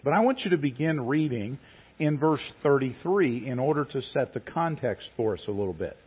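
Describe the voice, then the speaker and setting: A man preaching a sermon, reading scripture slowly and then retelling it in plain conversational words. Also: mid-range voice, lively intonation, breathy edge. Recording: tinny phone-like recording.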